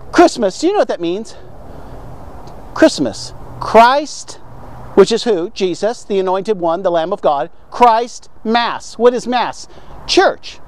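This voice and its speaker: Male devotional host, very high voice, passionate preachy delivery that swells into shouting. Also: slight background noise. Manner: fervent, preachy, asks and answers his own questions. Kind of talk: energetic video devotional sermon.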